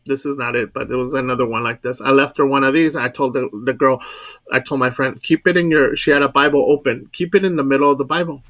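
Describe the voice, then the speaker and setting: A man's voice: medium pitch, fairly even intonation, fast, fairly bright tone. A man casually telling a ghost story, rambling and repeating words, acting out quoted dialogue. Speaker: guest storyteller.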